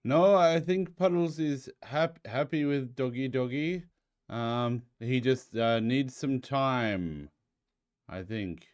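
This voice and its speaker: A man's voice: mid-range voice, slow, a little mellow, clean tone. A man playing a tabletop game, speaking hesitantly with many fillers and restarts. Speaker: player.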